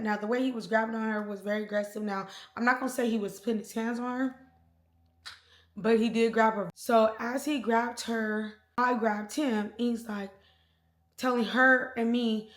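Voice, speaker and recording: A woman recounts a wild night out for her channel, chatty and full of slang. Her voice sits a little high, and the room around her rings with echo. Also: moderate pace. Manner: chatty, slangy, animated retelling. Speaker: storytime vlogger. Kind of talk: casual storytelling.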